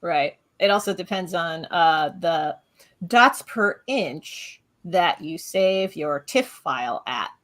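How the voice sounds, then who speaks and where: A woman's voice: lowish voice, expressive, slow, fairly bright tone. Woman chiming in on a comics livestream. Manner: friendly, explains with asides and agrees often. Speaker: comic artist co-host. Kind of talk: casual livestream chat.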